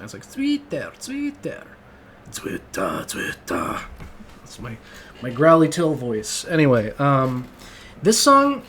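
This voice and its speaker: A man's voice: mid-range voice, fairly bright tone, slight background noise. Rambling, profane man gushing about music. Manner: rambling, profane and enthusiastic, many fillers. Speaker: music podcast host. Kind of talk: casual album review monologue.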